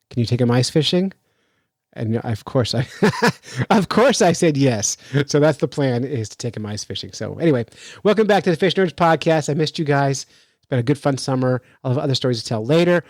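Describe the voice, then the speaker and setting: A man hosting a fishing podcast, telling a story in an animated, chatty way and reading news out with his own remarks. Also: medium pitch, no room sound, poor audio. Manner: animated, chatty, laughs while telling stories. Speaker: podcast host. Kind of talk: casual storytelling and news commentary.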